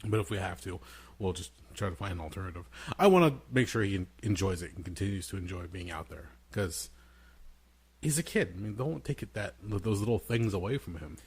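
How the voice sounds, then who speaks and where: A man co-hosting a casual podcast, telling lively family stories and imitating his young son in a high voice. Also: fairly quick, slightly rough. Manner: animated storyteller, acts out his toddler son in a high voice. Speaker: podcast co-host. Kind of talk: casual chat, storytelling.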